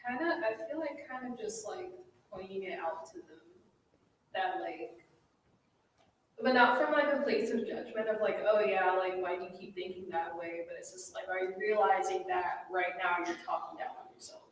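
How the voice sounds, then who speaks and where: A woman's voice: medium pitch, animated, normal speed. Hesitant woman heard from far off. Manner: hesitant, searching for words. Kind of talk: casual chat. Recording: distant, very echoey room, faint noise.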